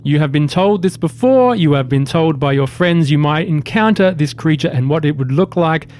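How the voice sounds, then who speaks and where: A man narrating as game master, giving calm rulings with dry humor. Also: a little high, normal speed, a little hiss or hum.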